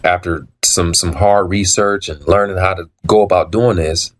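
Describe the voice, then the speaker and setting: A man telling his story in a casual monologue, repeating himself for emphasis, acting out quoted dialogue and often clearing his throat. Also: deep voice, fairly even intonation, moderate pace.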